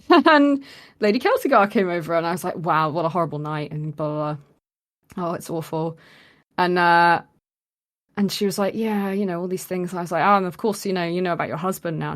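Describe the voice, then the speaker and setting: A woman co-hosting a podcast, telling a story in casual chat and acting out the quoted lines with lots of fillers. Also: fairly low pitch. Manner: animated retelling, acts out quoted lines with many fillers. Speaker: podcast co-host.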